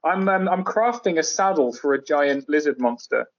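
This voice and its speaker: A man's voice: fairly high pitch, expressive, normal speed, dull audio. A middle-aged man chatting as a podcast guest, sardonic and jokey as he tells stories. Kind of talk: casual chat.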